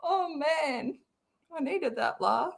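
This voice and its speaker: A woman's voice: sits high, animated, takes it slowly, gravelly. A woman hosting a casual livestream, talking bluntly, swearing freely and laughing often. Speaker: livestream host.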